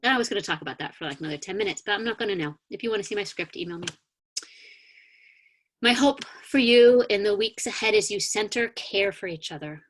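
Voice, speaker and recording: A woman minister giving a sermon over a video call, gently guiding a grounding meditation with calm, inviting words and a few soft hesitations. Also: medium pitch, fast talker. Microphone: video call mic.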